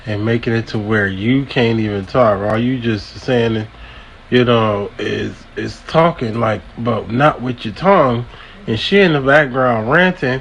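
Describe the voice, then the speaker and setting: A man's voice: medium pitch, a bit bright. Casual male reaction host, blunt and profane, incredulous, faint background noise.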